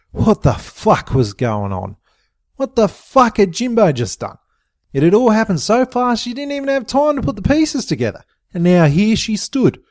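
A man narrating a comic story in a profane, expressive way. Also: on the high side.

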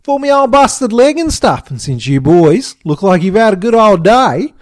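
A shouting, scheming older crook played by a man, his voice pushed high and swinging all over the place. He swears constantly and bosses everyone around. The sound is dry and close. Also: very animated, moderate pace, no echo. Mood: bossy. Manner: shouting, foul-mouthed, demanding. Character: loud bossy scheming older male crook.

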